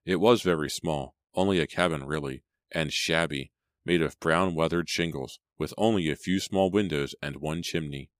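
Reading a storybook as an audiobook narrator, a man delivers the scripted text steadily and measuredly in a rumbling low voice. The sound is clean studio quality with no room sound.

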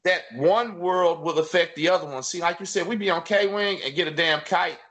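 A man talks in a relaxed, conversational way, reminiscing alongside the host. His voice sits fairly high for a man. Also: normal speed. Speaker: guest. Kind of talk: casual chat.

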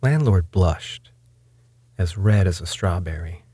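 A man reading a classic ghost story aloud in a measured, wry first-person narration. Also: low voice, animated, dark tone, husky, dry recording.

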